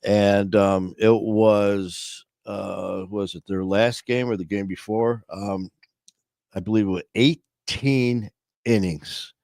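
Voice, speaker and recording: A man's voice: fairly low pitch, fairly even intonation, takes it slowly, creaky, darkish tone, no room sound, studio quality. A man hosting a casual livestream chat. He rambles with lots of fillers and tells corny jokes. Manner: rambling, joking, many fillers. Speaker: livestream host.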